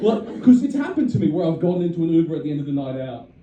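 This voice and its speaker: A man's voice: fairly high pitch, big pitch swings, rapid-fire, dark tone. A young man doing a brash, profane live stand-up set, often laughing at his own jokes. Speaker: stand-up comedian. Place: comedy venue with a live audience. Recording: distant, echoey audience recording with crowd laughter.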